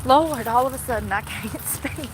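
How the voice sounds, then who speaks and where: A woman's voice: a little high, normal speed, background noise. A young woman, chatting casually and self-deprecatingly in her vlog, swearing now and then. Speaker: vlogger.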